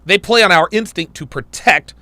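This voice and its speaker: A man's voice: high-pitched, normal speed, bright, forceful tone, no echo. A man hosting a livestream, talking emphatically and repeating phrases as he builds each point. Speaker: host. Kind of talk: livestream commentary.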